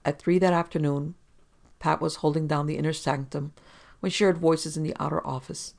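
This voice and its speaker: Gravelly audiobook narrator. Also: mid-range voice, brisk. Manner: steady storytelling. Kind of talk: scripted narration.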